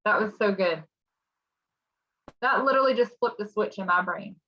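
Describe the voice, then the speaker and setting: Bright bubbly woman on a call, laughing at herself, kinda muffled audio. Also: mid-range voice, normal speed. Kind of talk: casual chat.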